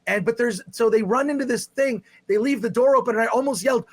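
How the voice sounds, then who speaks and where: Man, high pitch, casual movie review, rambling, exasperated. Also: brisk, few pauses. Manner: rambling, exasperated, with restarts and loud outbursts. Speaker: film reviewer, live stream host.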